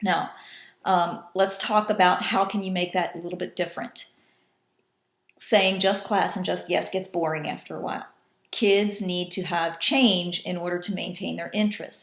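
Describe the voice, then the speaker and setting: A woman's voice: on the low side, fairly even intonation, normal speed, gravelly. Woman teacher in an echoey room. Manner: patient, demonstrating call-and-response in varied voices. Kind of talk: instructional talk to teachers.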